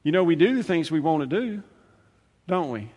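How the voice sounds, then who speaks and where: A man's voice: fairly high pitch, sing-song, normal speed. Man preaching in a reverberant church. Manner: conversational preaching, shifts from loud to hushed, repeats phrases. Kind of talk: sermon. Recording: long hall reverb.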